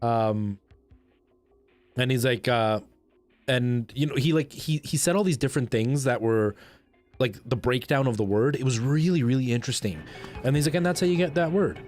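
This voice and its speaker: Man, game streamer, casual chat, rambling, excited outbursts, faint background music. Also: medium pitch, moderate pace, long pauses. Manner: rambling, chatty, with frequent restarts and excited outbursts. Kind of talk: casual livestream chat while playing.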